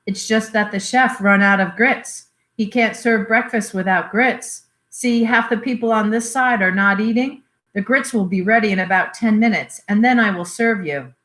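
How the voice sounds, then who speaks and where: A woman reading as a soft-spoken young waitress. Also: medium pitch, normal speed, natural voice. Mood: apologetic. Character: polite flustered young female waitress. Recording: roomy echoey recording.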